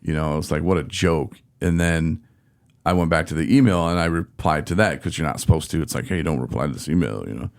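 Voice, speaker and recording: A low-voiced man hosts a casual podcast chat. He tells his story with animated exasperation and acts out his own quotes as he goes. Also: brisk, gravelly. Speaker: podcast host.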